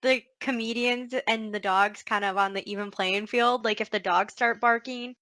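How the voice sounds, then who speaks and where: A woman's voice: a little high, steady tone, normal speed, pushed and bright, no echo. A woman comedian chatting on a podcast in an upbeat way, using "like" often. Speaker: comedian guest. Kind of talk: casual chat on a video call.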